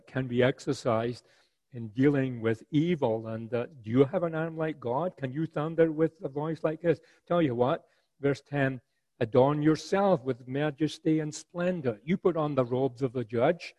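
A man preaching an expository sermon, earnest and rhetorical, paraphrasing scripture in a lively voice. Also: medium pitch, moderate pace, dry recording, rough recording.

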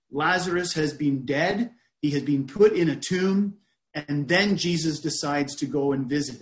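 A man preaching a sermon in a measured, deliberate way, often restarting his phrases. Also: a little high, roomy sound.

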